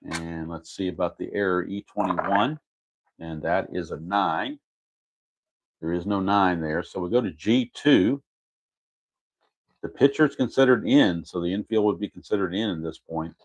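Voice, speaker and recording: A man's voice: deep voice, normal speed, dull audio. A man narrating his tabletop baseball game replay in a casual play-by-play, methodically reading out dice rolls and chart results and correcting himself as he goes.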